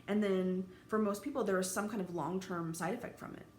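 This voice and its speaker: A woman in her thirties speaking directly to camera in a personal vlog, candid and halting, swearing freely and sounding emotionally raw. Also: mid-range voice, steady tone. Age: 30s. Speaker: vlogger. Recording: roomy echo, faint ambient noise.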